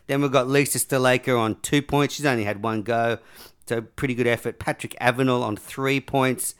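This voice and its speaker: A man's voice: medium pitch, steady tone, normal speed, clean tone. A man, hosting a podcast and reading quiz questions in a chatty, joking way. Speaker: podcast host. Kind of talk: casual chat, quiz hosting.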